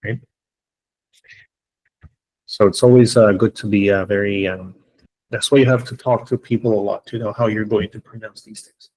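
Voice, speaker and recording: Low husky male English teacher. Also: fairly even intonation, moderate pace, pauses often, darkish tone, rough recording. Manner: patient, explaining step by step with frequent "right?" checks. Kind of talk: online classroom lesson. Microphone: computer mic on a video call.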